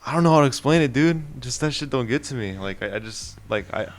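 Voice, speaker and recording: A man's voice: mid-range voice, lively intonation, quick pace. A young man in casual chat, laid-back and slangy, swearing freely.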